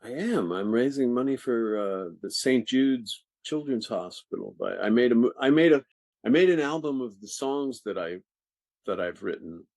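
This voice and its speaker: An older man, an actor, telling stories from his career in an interview, animated and laughing often. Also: medium pitch, moderate pace, dry recording. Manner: animated, laughing, restarts sentences. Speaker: actor guest. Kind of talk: interview storytelling.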